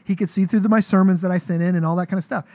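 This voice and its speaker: A pastor in his thirties telling a story in casual chat, animated and slangy, acting out the voices in his dialogue. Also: high voice, very fast, dry recording.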